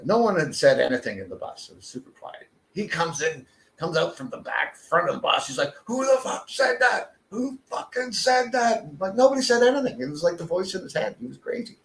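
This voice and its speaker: Gravelly man ranting with heavy swearing. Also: medium pitch, fairly bright tone. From Canada. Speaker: podcast co-host. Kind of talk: casual chat. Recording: echoey room.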